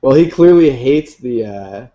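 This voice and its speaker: Mellow-voiced man, chatty podcast co-host. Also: medium pitch, animated, measured pace. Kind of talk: casual recap chat. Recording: dull lo-fi sound.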